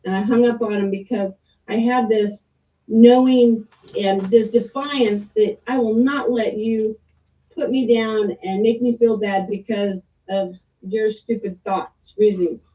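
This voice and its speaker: A candid middle-aged woman tells her story in a rambling, frank way, dropping the odd swear word. Her voice sits a little high and comes over a tinny, phone-like line from some distance off the mic. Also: steady tone, measured pace. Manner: rambling, candid, with frequent restarts and mild swearing. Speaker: client sharing a testimonial. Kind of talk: casual personal testimony.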